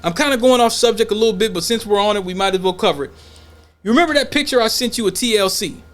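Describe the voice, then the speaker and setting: A man's voice: high voice, fast talker. A man co-hosting a podcast in casual opinion talk, blunt and profane, acting out imagined dialogues as he goes. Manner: animated, acts out imagined dialogues. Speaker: podcast co-host.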